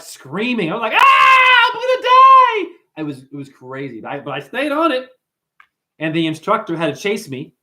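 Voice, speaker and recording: A man with a fairly high-pitched voice leads a spiritual livestream. Lively in tone, he speaks to his chat, calls listeners honey, and chants mantras.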